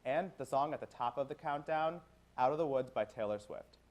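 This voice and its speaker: A young man presenting a scripted music segment in a steady reading voice. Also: mid-range voice, a little fast.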